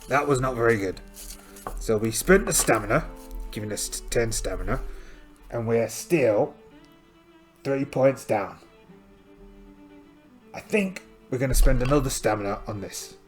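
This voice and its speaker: Over a faint music backing track, a man plays a solo tabletop game as host, narrating playfully like a storyteller and thinking aloud about his dice rolls. His voice is medium-pitched with lively intonation, and he keeps a measured pace, pausing often.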